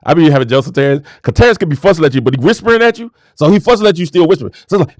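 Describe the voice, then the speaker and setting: A man's voice: high voice, animated, very fast, few pauses, no echo, clean studio sound. A man hosting his own show, talking in a casual motivational monologue that turns preachy and exclamatory as he hypes himself up. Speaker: show host.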